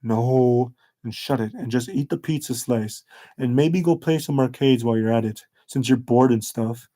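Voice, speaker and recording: A man's voice: mid-range voice, moderate pace, warm tone, close to an everyday voice. A man voicing a cocky, mean teenage boy who talks in a snide, dismissive way.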